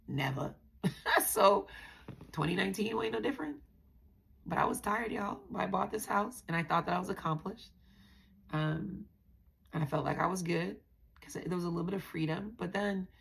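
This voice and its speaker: A woman's voice: deep voice, creaky, a bit bright, breathy edge. A woman hosting a podcast, telling her own story in a candid, blunt way and often calling her listeners y'all. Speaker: podcast host. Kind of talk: confessional personal storytelling.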